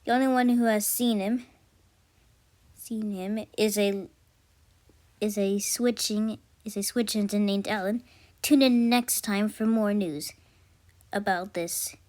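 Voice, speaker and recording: A woman voicing a formal TV news reporter who announces in a halting way, restarting phrases. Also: medium pitch, fairly even intonation, a little mellow, lightly acted. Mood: announcing.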